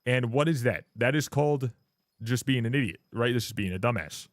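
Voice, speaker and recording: A young man talks straight into a close mic on a live stream, ranting at his chat in a blunt, profane way. His pitch sits in the middle range, and the sound is dry with almost no room echo. Now and then he slips into mocking voices of other people. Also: brisk. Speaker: livestreamer.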